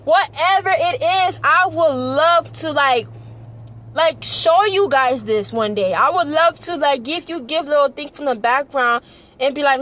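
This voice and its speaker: A woman's voice: high-pitched, a little slow, fairly bright tone. A young woman vlogging in an earnest, passionate way, often repeating herself. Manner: earnest, passionate, repetitive, tearful at times. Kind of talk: emotional personal vlog.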